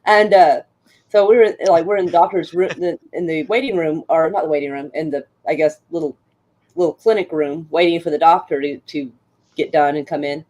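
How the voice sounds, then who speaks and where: A woman's voice: low-pitched, a little fast, darkish tone. A middle-aged woman streamer in casual chat, telling stories with frequent laughter and swearing. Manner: chatty storyteller, laughs often, swears.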